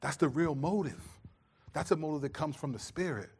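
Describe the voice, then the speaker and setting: Brisk and a little high, with a breathy edge, a middle-aged man preaches a sermon as pastor. He relates animated stories, acting out the scolding voice he uses as a father.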